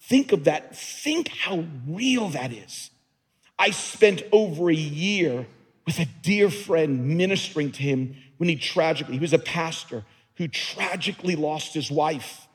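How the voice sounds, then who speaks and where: A pastor preaches with earnest emphasis, his voice pitched high and with a husky edge. He often doubles back on his words as he presses his point. A long reverb trails behind him, as in a large hall. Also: lively intonation, a little slow. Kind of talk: sermon.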